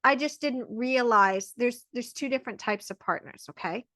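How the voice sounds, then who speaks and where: A woman hosting and teaching an online birth class in a casual, animated way, acting out dialogues as she explains. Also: fairly high pitch, normal speed, no echo. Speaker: birth educator and host.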